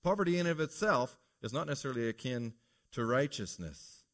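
A man's voice: mid-range voice, expressive, brisk, fairly bright tone. A man preaching a morning sermon as pastor, earnest and preacherly, putting rhetorical questions to his congregation.

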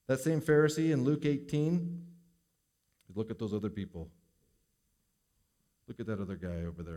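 A pastor with a mid-range voice preaches a sermon, swinging between loud emphasis and hushed asides.

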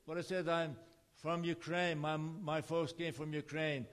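A man's voice: fairly high pitch, level tone, normal speed. An older man from Canada, a missionary speaker giving a personal testimony over photo slides and acting out the dialogue as he tells it. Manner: plain storytelling with acted-out dialogue.

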